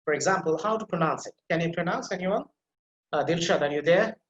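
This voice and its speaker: A man's voice: a little high, brisk, a bit bright, roomy sound, lo-fi sound. A man teaching a pronunciation class on a video call, explaining patiently with many fillers and repetitions.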